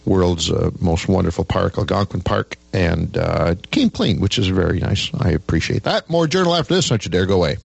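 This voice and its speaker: A man's voice: deep voice, expressive, fairly quick, creaky, hardly any pauses. A man hosting a radio show, chatting in a folksy, casual way with many fillers.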